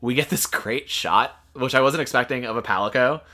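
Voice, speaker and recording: Bright-voiced man co-hosting a review show. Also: medium pitch, fairly quick. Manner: relaxed, filler-heavy, laughs often. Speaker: co-host of a movie review show. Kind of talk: casual chat.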